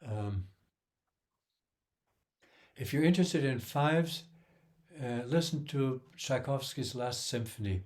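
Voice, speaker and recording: A man's voice: fairly low pitch, slight background noise. A man giving a casual music lesson, counting beats aloud and humming rhythms to explain metre. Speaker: music teacher.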